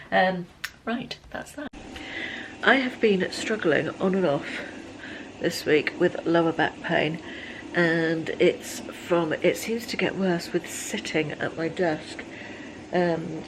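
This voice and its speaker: A woman in her fifties chatting casually in a rambling day-in-the-life vlog, full of ums and restarts, sometimes dropping to a soft near-whisper. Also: fairly low pitch, slight background noise. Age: 50s. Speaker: lifestyle vlogger.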